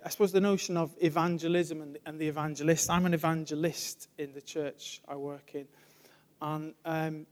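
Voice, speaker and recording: Chatty man giving a sermon. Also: fairly high pitch. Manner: chatty storytelling, laughs often, trails off softly. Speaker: church evangelist. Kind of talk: informal sermon talk.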